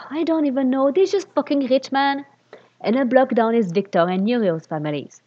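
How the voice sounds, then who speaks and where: A woman's voice: on the high side, darkish tone. A woman reading fan fiction aloud, stopping for sarcastic, sweary asides about the text. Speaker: reader. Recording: dull lo-fi recording.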